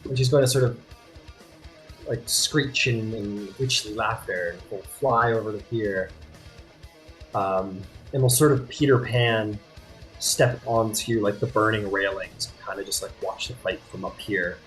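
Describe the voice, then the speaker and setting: A man narrating a tabletop game as game master, relaxed and rambling with many fillers. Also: on the low side, a little slow, soft background music.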